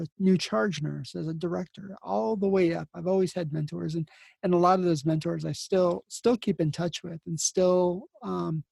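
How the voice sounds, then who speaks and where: Gravelly-voiced man telling nurse stories. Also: sits high, dark tone, no echo. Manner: rambling with many restarts. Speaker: podcast host and emergency nurse. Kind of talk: casual storytelling.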